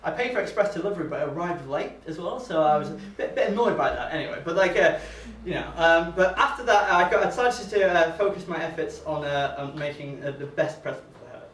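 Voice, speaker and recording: A man's voice: fairly high pitch, expressive, fast, hardly any pauses, fairly bright tone, a little hiss or hum. A young man from Northern England performing a rambling, self-deprecating stand-up comedy set on a venue stage, with lots of stammered restarts. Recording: roomy, distant mic with faint venue ambience.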